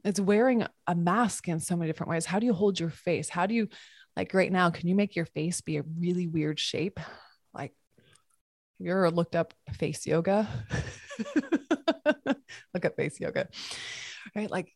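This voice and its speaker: Yoga teacher lady musing softly, kinda low voice, dry close sound. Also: dry recording. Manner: musing, soft, with halting restarts. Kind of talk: reflective podcast talk.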